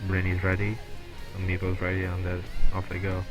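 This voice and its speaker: A British man calls a game match with easy, bantering commentary. His voice sits low and stays fairly even in pitch. Music plays underneath throughout. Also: a little fast, low-quality recording. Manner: relaxed, chatty, laughs easily, teasing banter. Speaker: esports commentator. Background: background music.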